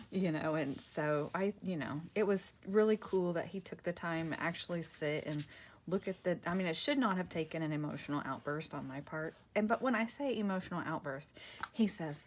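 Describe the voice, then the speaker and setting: A woman's voice: lowish voice, normal speed, slight background noise. A woman crafting at her table and chatting casually to her viewers, rambling, cutting herself off and laughing often. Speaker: crafting vlogger. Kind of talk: casual chat while crafting.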